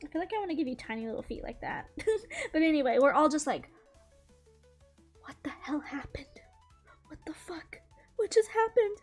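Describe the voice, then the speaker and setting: A young woman with a high, light voice tells a casual storytime as she draws, piling on "like" fillers and breaking into giggles. A faint bed of music plays underneath her. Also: darkish tone. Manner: rambling, many "like" fillers, giggly. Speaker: YouTuber. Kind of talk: casual storytime while drawing.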